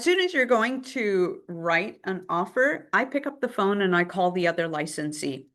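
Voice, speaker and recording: A real estate trainer with a fairly low voice leads a live class in a relaxed, chatty manner. She stays lively and conversational, acting out quick phone calls along the way.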